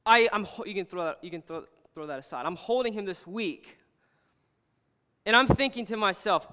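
A young man preaches in an easy, storytelling way, earnest and animated, his speech peppered with "like". His voice sits high and sounds bright. Long reverb rings around him in a large hall. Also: moderate pace, clean tone. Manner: earnest, animated, heavy use of "like". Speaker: pastor. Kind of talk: casual storytelling sermon.

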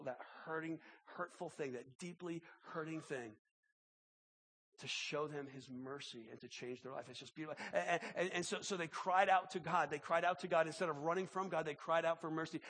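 Man, pastor, sermon, impassioned, halting repetitions, slightly raised pitch. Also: a bit bright. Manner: impassioned, halting with repeated words.

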